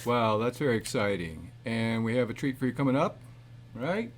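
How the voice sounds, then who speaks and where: A man's voice: medium pitch, expressive, normal speed, slight background noise. A man hosting a live show, chatting and narrating in a wry manner. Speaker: host.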